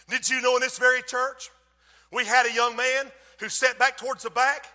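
Preacher, high, bright and shouting. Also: male voice, steady tone, fairly quick. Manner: shouting, dramatic storytelling with sudden hushed drops. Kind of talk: fiery revival sermon. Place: church. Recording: echoey church hall.

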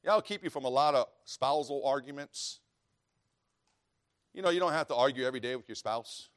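A man's voice: mid-range voice, fairly quick. Folksy preacher man with dynamic swings. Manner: folksy storytelling, swings from quiet asides to loud preaching; reads scripture in old-fashioned wording. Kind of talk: sermon.

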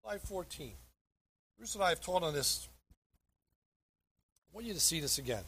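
High husky guy preaching a sermon, reads verses out and leans hard on the key words. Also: lively intonation, moderate pace, bright, forceful tone. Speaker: pastor. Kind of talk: sermon with scripture reading.

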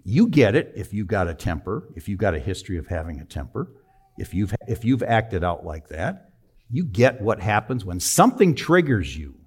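A man in his sixties preaches through a personal story in a lowish voice. He talks plainly and conversationally, pushes hard on key words, then falls to a low, quiet tone. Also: sing-song, normal speed, breathy edge. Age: 60s. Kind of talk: storytelling sermon.

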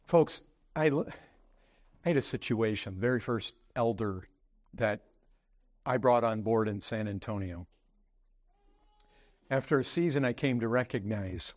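A middle-aged man preaching a sermon to his congregation, earnest and emphatic, swinging between loud fervor and quiet storytelling and addressing the listeners directly. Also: medium pitch, measured pace, long pauses. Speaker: pastor. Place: church sanctuary.

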